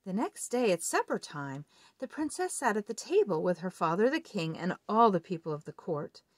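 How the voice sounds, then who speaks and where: A woman reading a children's picture book aloud in an expressive read-aloud delivery. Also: medium pitch, moderate pace, dry recording, studio quality. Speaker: storybook reader.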